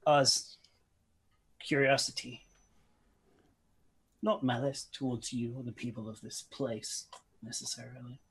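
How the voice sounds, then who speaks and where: A man playing a husky, power-hungry adventurer. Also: mid-range voice, steady tone, rough recording. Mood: earnest. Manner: measured, persuasive delivery.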